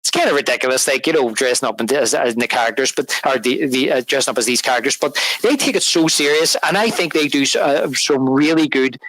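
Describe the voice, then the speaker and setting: Bright, animated man co-hosting a film podcast. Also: medium pitch, fast, few pauses, no echo, low-quality recording. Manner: animated, retells scenes and acts out the dialogue; laughs often and repeats words as he restarts. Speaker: podcast co-host. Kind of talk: casual film discussion.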